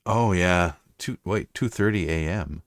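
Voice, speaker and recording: A Canadian man with a low-pitched, unhurried voice chats casually on a live stream, rambling along and occasionally slipping into French. He is a livestreamer and voice-over narrator, and the recording is clean studio sound with no echo.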